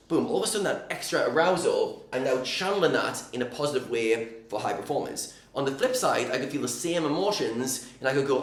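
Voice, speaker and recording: A man's voice: mid-range voice, lively intonation, fairly quick, few pauses, roomy sound. A man coaching poker players on mindset in a casual, direct teaching talk, checking in often with "all right?".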